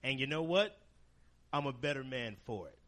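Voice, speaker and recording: Brash man doing crude stand-up. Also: moderate pace. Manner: crude, deadpan shock humor with sudden high-pitched outbursts. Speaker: stand-up comedian. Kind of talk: stand-up comedy set.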